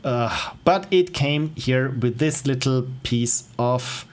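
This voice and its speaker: A man's voice: medium pitch, takes it slowly. A man with a German accent, a native German speaker, chatting casually on a livestream as a game developer, rambling and interrupting himself. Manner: rambling, self-interrupting, chuckles often.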